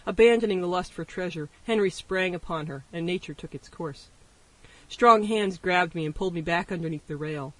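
A man's voice: high-pitched, normal speed, sharp tone, no room sound. A man narrating an audiobook in a wry first-person storytelling manner. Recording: voice distant from the mic.

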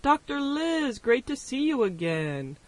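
A man's voice: very high voice, very animated, unhurried, voice pushed up, exaggerated voice. A man voicing a smug, scheming male griffin breeder who talks in a needling, self-satisfied way. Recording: voice distant from the mic.

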